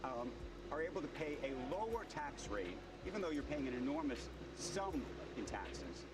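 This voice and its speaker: A man interviewing a guest, asking a pointed question briskly. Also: on the high side, very animated, very noisy. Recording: distant mic over loud music.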